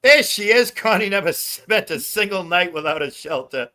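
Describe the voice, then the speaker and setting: Profane, bright-voiced man ranting on stream. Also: high voice, expressive, moderate pace. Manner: profane ranting, laughs often. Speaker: livestream host. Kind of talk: casual livestream chat.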